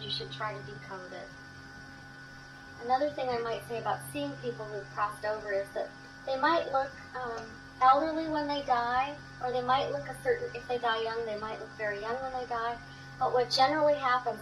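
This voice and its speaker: A woman hosting a spiritual advice call-in show. She explains things gently and uses many fillers. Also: a little high, rough recording. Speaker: radio show host answering callers.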